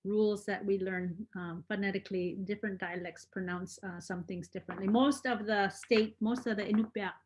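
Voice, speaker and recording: A woman from Shishmaref, Alaska, teaching a children's song. She sings it slowly and patiently explains how her dialect pronounces the words. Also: mid-range voice, fairly even intonation, a little mellow, a little hiss or hum. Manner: patient, explains pronunciation step by step. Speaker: music and language teacher.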